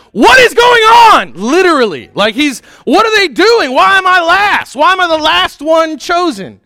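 High-voiced male preacher, chatty. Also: fairly bright tone, smooth. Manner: conversational, storytelling with rhetorical "right?". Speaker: pastor. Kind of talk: sermon.

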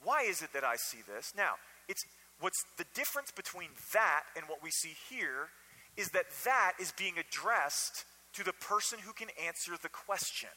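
A man's voice: high-pitched, sing-song, moderate pace, bright, forceful tone, in a large hall, rough recording. A man preaching a conversational sermon to a Sunday morning congregation, often asking them direct questions. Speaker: pastor.

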